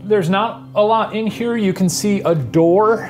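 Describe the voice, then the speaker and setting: A man in his thirties, the game master, narrating a tabletop game in a relaxed, dry, meandering way. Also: high-pitched, unhurried, faint music behind.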